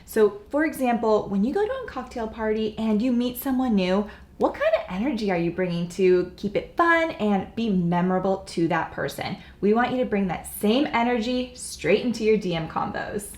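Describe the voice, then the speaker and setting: A woman's voice: medium pitch, expressive, normal speed, few pauses. A young adult woman co-hosting a casual coaching chat, upbeat and playful, often laughing. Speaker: co-host, business coach. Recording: roomy echo.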